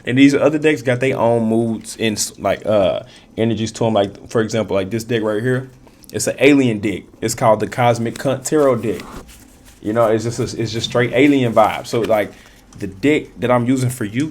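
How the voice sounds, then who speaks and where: A man's voice: mid-range voice, normal speed, a little mellow, slight background noise. Man, tarot reader, casual vlog, street slang, profane, rambling, laughs often. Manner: rambling, repeats himself.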